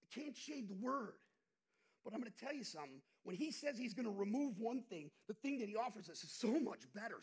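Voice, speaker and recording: A male pastor preaching an impassioned sermon, dropping to hushed asides and rising to loud outbursts. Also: sits high, big pitch swings, brisk, breathy edge.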